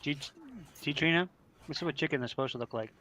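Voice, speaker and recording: A man's voice: fairly high pitch, quick pace, pushed and bright, slight background noise. A man on a stream voice call, cracking jokes and teasing the host. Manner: joking, teasing. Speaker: stream guest. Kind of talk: casual chat.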